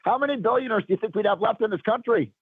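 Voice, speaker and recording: A man with a cold and a raspy voice, a guest on a radio talk show, speaking emphatically and pushing up to his key points. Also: high voice, very fast, no room sound. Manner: emphatic, rising to punch lines. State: hoarse from a cold. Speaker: guest commentator. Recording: phone line.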